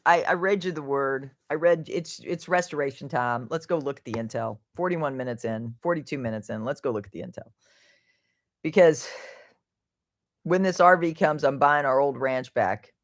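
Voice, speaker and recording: Lively, rambling woman hosting a livestream. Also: low voice, no room sound, studio quality. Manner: rambling, chatty, reads out viewer comments. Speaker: livestream host. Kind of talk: casual livestream chat.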